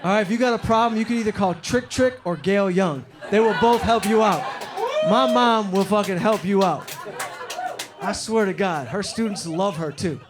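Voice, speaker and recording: A man's voice: high voice, normal speed. Brash forties man doing stand-up, crowd laughing. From Detroit, USA. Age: 40s. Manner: brash, profane storytelling, acting out characters. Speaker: stand-up comedian. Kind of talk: stand-up comedy set. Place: comedy club stage before a live audience. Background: audience laughter.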